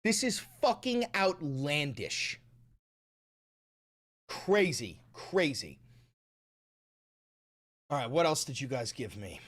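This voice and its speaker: A man streaming and commenting on the news in a casual way, swearing a lot and ranting in exasperation. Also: mid-range voice.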